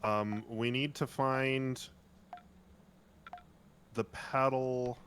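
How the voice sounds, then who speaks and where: An American man in casual game chat who reads out instructions slowly and jokes now and then. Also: medium pitch, steady tone, a bit bright, clear, resonant tone. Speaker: co-player reading the manual.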